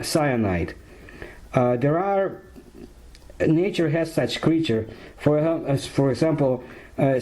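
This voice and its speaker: Guy, mellow dark voice, slow halting english, lotta ums. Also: mid-range voice, rough recording. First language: Russian. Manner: slow, halting, searching for words. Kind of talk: narration in a played video.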